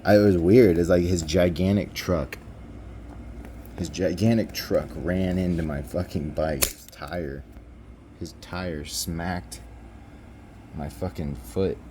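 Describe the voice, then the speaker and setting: Very deep-voiced ranting man. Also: mellow, a little hiss or hum. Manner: rambling, profane, exasperated. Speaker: motovlog host. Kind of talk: casual ranting vlog.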